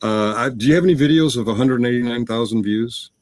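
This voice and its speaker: A man arguing on a livestream, defensive and sarcastic, with halting restarts. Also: mid-range voice, a little mellow, no room sound. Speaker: livestream debater. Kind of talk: heated livestream argument.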